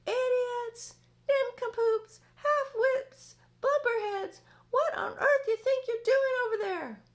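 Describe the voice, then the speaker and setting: A woman reading aloud, voicing a boastful, rude male centipede who scoffs and shouts insults. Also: medium pitch, very animated, brisk, creaky. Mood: yelling insults. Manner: mocking, loud, insulting.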